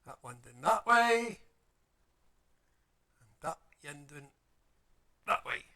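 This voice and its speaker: A man's voice: high voice, expressive, takes it slowly, heavy background noise. A man chatting playfully as he builds a paper model, muttering to himself and making silly sound effects.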